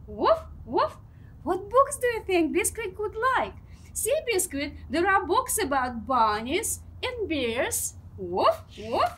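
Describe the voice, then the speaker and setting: A woman librarian reading a picture book aloud to young children, speaking gently and with animation. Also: high-pitched.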